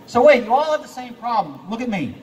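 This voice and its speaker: This stage hypnotist's voice is very high, very animated and fast, with a darkish tone. He laughs a lot while issuing playful commands to volunteers as live show patter in a theater. The sound is distant, as from a live stage, with a little hiss or hum.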